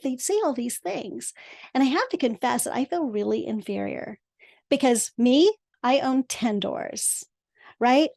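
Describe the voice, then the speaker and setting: A middle-aged woman speaking as an interview guest, talking emphatically with lively jumps in pitch and loudness. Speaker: guest, real estate investor and podcast host. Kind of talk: casual interview chat.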